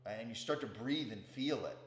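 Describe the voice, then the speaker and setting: A man's voice: mid-range voice, moderate pace. A man giving a casual, profane spiritual talk as a meditation teacher, often checking in with "right?". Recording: roomy with faint hum.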